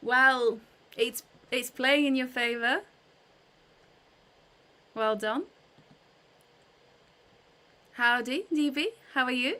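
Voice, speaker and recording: Her high, sharp-toned voice moves slowly, broken by long pauses, as she hosts a casual livestream. She talks with viewers, greeting them by name, with many fillers and restarts.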